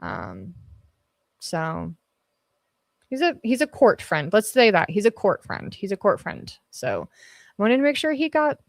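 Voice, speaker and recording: Woman, livestream host, casual chat, swears a lot, laughs often, ums, medium pitch, dry close podcast mic. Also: wildly swooping pitch, measured pace, vocal fry, long pauses, dry recording. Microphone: podcast dynamic mic on an arm.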